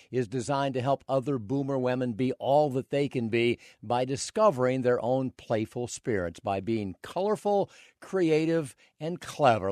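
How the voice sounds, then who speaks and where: A man's voice: mid-range voice, a little mellow, no room sound. Male radio co-host, friendly and conversational, dry close mic. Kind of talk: radio show hosting.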